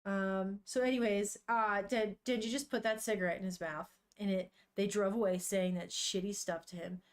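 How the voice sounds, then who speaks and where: A woman's voice: medium pitch, fairly even intonation, normal speed. A young woman on a live stream, chatting casually with viewers while reading a manga aloud and swearing now and then. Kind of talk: casual live-stream chat and read-along.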